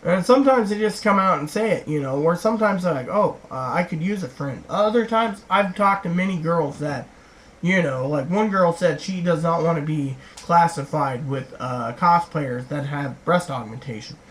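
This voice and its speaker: A woman's voice: low-pitched, expressive, normal speed, low-quality recording. A middle-aged woman vlogging a long, rambling reply to viewer comments, retelling conversations and acting out other people's lines. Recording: faint background hiss.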